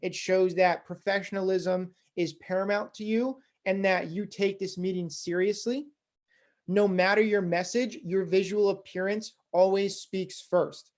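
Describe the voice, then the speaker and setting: A fundraising instructor giving a conversational lecture, with many casual fillers, who gets louder and quicker when excited. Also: mid-range voice.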